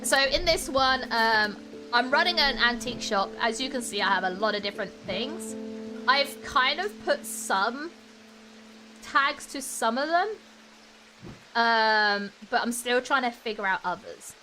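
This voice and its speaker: Streaming a game, a British woman keeps up a chatty conversation with her audience. She speaks a little slowly in a fairly high, expressive voice, picked up by a desk mic with webcam over background game music.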